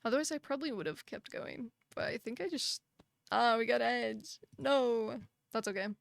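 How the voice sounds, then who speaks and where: Young woman streamer, tired and breathless, higher voice with a fry edge, casual and chatty. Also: moderate pace, no echo, studio quality. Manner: chatty, sympathetic, frequent fillers and soft laughs. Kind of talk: casual live-stream chat, reading chat aloud.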